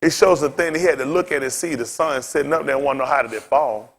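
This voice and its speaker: A man's voice: mid-range voice, quick pace, a bit bright. A male pastor teaching a Bible lesson in a loose sermon style, constantly throwing questions at his listeners. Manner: quizzes listeners with rhetorical questions, casual phrasing.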